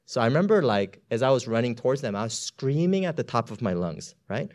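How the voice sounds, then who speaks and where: Lively, rambling male preacher. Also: medium pitch, brisk. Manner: chatty, heavy on filler words; swings from hushed to shouting. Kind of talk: storytelling sermon.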